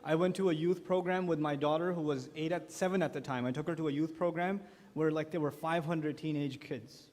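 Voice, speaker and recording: A male preacher gives an animated, joking talk to a live audience of parents. His voice sits high for a man, and it rings with a long echo around a large hall. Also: brisk. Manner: animated, acts out quotes. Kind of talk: humorous sermon talk. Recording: echoey hall.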